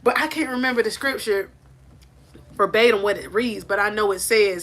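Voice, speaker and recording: Emphatic, bright-voiced woman coach. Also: medium pitch, normal speed. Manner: preachy, emphatic, repeats "I said it". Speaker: life coach. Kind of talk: motivational talk to camera. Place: on a porch outdoors. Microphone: phone held in hand.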